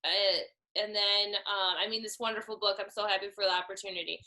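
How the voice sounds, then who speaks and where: A woman comedy writer chatting as a guest, enthusiastic and quick with joking asides. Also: mid-range voice, steady tone, sharp tone, poor audio. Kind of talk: casual chat.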